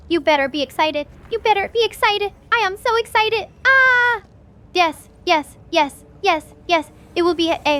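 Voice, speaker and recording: A woman streamer wrapping up a live stream, gushing with excitement and tripping over her own words. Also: high-pitched. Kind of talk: livestream wrap-up chat.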